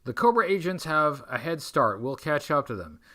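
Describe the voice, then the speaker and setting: A man reading aloud as a brisk, commanding male soldier hero. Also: fairly high pitch, big pitch swings, sharp tone. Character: gruff male soldier hero leading a rescue.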